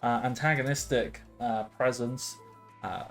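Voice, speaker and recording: A man's voice: medium pitch, fairly even intonation, unhurried, vocal fry, fairly bright tone, soft background music. A man in his late twenties running a tabletop game as game master, rambling with lots of filler sounds and frequent laughs. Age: late 20s. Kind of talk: casual tabletop game narration.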